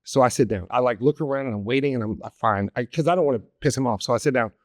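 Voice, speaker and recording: A man in a casual podcast interview, telling a personal story in an earnest, emotional, halting way. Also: mid-range voice, no room sound, studio quality. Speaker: podcast guest, hospitality executive. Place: podcast studio.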